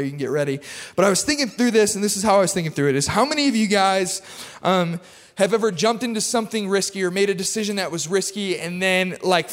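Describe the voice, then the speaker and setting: A man preaching a casual, energetic sermon, chatty and full of self-deprecating humor. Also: high voice, long reverb tail. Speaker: pastor. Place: church auditorium.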